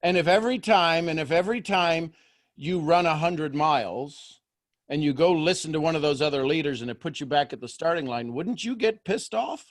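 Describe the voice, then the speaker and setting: High-voiced man coaching with rapid questions. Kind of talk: coaching call.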